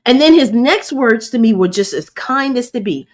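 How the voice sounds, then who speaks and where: A woman's voice: a little high, expressive, moderate pace. A middle-aged woman, sharing a faith-based personal testimony in an earnest, preacherly way and calling her listeners y'all. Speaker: host.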